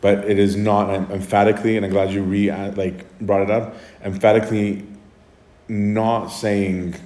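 Brief: male priest, low voice, chatty Q&A answers, roomy echoey sound. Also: level tone, moderate pace, a little mellow. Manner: conversational, often adds "right?" and restarts. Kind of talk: casual Q&A talk. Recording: echoey room.

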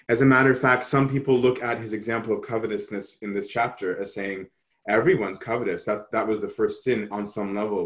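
A man answering questions on Christian theology in a relaxed, conversational way, often checking in with "right?". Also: fairly low pitch. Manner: animated, conversational, frequent "right?" tag questions. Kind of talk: casual theological discussion.

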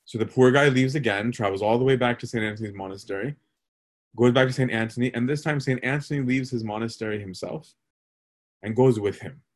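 A man's voice: medium pitch, fairly quick. A male priest giving a casual, conversational sermon, telling stories and asking "right?" along the way. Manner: casual storytelling with many fillers and "right?".

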